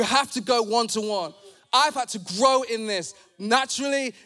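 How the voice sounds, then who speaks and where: Man, sermon, very high voice, passionate and direct, church service. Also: normal speed, pushed and bright. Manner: passionate, emphatic, blunt. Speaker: preacher.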